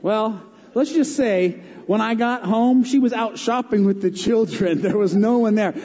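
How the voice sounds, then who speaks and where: A middle-aged man preaching a sermon as a pastor, telling stories and swinging between lively and hushed delivery. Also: high-pitched, measured pace. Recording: dull, echoey hall.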